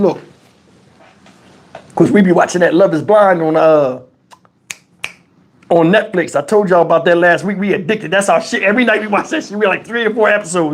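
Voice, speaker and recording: A man with a notably high speaking voice hosts a live stream and spins stories in a loose, rambling way. His delivery is animated and full of profanity, with a casual, unscripted feel.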